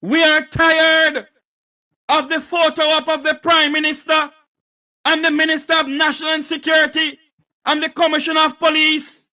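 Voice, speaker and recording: A Jamaican man giving an impassioned political speech, fiery and declamatory, often shouting. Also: very high-pitched, monotone, moderate pace, poor audio.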